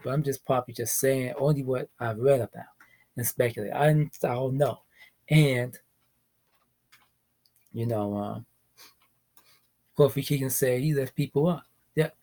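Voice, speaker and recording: A young man chatting casually about wrestling news, rambling, laughing often and swinging between excited bursts and mumbling. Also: mid-range voice, a little slow, long pauses. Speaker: vlogger.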